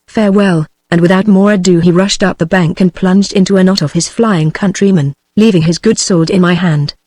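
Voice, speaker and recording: A text-to-speech woman's voice with a British English accent, reading a novel aloud at a steady, even pace. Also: on the low side, a little fast, breathy edge, dry recording. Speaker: audiobook narrator.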